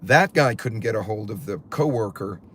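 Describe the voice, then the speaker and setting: A man's voice: fairly low pitch, lively intonation, normal speed, a little hiss or hum. A middle-aged man hosting a preparedness channel, chatting casually on a livestream and answering viewers' comments as he rambles and swears freely. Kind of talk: casual livestream talk, reading chat aloud.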